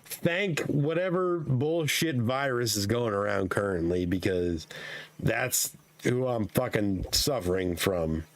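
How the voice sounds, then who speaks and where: A man co-hosting a casual show, hoarse and losing his voice, swearing and joking as he signs off. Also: mid-range voice, lively intonation, slow. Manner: profane, joking. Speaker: podcast co-host. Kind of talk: casual chat.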